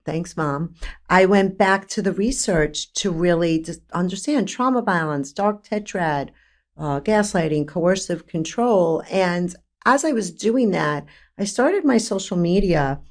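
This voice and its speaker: A frank, animated woman in her fifties with a New York accent talks openly as an interview guest. Her voice sits very low for a woman. She laughs easily and piles up emphatic lists as she goes. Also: measured pace. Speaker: podcast guest, therapist. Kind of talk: candid conversational interview.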